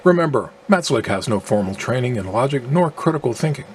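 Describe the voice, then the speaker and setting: Male narrator, measured and argumentative scripted read, mid-pitched, faint background noise. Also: lively intonation. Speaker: video narrator.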